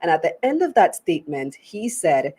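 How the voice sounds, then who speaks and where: A woman's voice: on the low side, big pitch swings, normal speed, dark tone, breathy edge. Chatty Jamaican woman hosting business show. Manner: chatty, upbeat, laughs easily. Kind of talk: live-streamed business interview.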